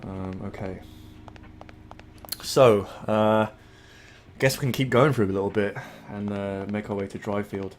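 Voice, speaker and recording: A man's voice: fairly low pitch, fairly even intonation, a little slow, pauses often, a little hiss or hum. A young Englishman casually commenting while streaming a video game, rambling and laid-back with plenty of filler. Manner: rambling, laid-back, swears and laughs a lot. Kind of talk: let's play commentary.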